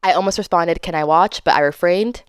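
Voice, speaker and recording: A young woman hosting a podcast, telling a dating story in a casual, animated way and acting out her own and others' lines with playful voices. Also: on the low side, fairly quick, clear, resonant tone, dry recording, clean studio sound. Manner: animated, dramatic, acts out quotes with exaggerated voices. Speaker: podcast host.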